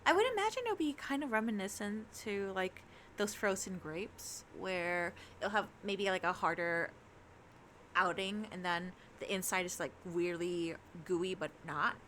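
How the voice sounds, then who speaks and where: A woman co-hosting a podcast, teasing her co-host with playful quick remarks. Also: medium pitch, fairly bright tone, slight background noise. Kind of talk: casual chat.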